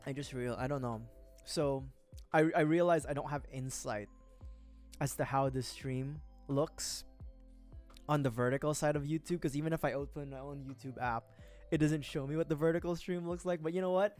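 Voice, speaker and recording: A man's voice: a little high, moderate pace, a little mellow, soft background music. A young man from the Philippines rambling in a chatty, self-deprecating way while building a model kit on a livestream. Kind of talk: casual chat.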